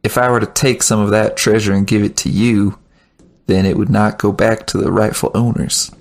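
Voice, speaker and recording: A man's voice: lowish voice, fairly even intonation, moderate pace, lightly acted. A man doing a folksy Southern cowboy chess hustler. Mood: earnest. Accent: put-on Southern US. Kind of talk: tabletop role-play.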